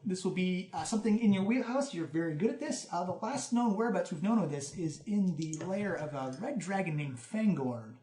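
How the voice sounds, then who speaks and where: A man running a tabletop game as game master, narrating scenes with animated, lively description. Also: high-pitched, fairly quick, hardly any pauses, reverberant.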